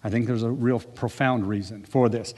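A man's voice: mid-range voice, steady tone, moderate pace, warm tone, long reverb tail. A man preaching a sermon earnestly, with conversational asides. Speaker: pastor.

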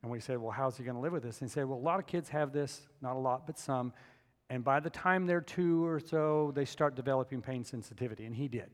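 A middle-aged man preaching a sermon, telling a family story and building to loud, fervent emphasis. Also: mid-range voice, fast talker. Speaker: pastor. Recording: long reverb of a large hall.

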